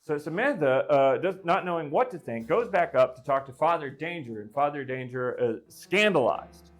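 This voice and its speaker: A fairly high-voiced man improvising a gory comic story live. He rambles, stalls on fillers and restarts often. Music plays faintly behind him. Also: expressive, normal speed. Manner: rambling, many restarts and fillers, gleefully gruesome. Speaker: storyteller and streamer.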